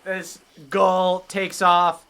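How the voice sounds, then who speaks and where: Relaxed tabletop game master narrating. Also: medium pitch, extremely slow, background noise.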